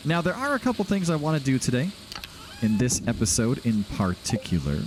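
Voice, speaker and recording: A man's voice: mid-range voice, wildly swooping pitch, a little fast, slight background noise. A man hosting a casual, rambling video game playthrough, chatting and laughing often as he plays at home. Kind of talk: casual gameplay commentary.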